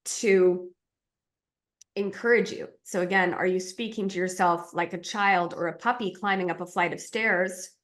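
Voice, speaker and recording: A woman giving a spiritual coaching talk, animated and acting out inner voices as she explains. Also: fairly low pitch, moderate pace.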